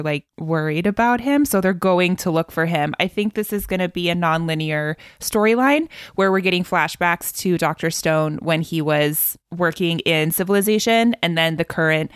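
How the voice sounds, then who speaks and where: A chatty woman guest on a podcast, her voice smooth and resonant and a touch lower than most women. The recording is dry and close, with no room sound. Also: no echo. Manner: chatty, laughs easily. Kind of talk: casual podcast chat.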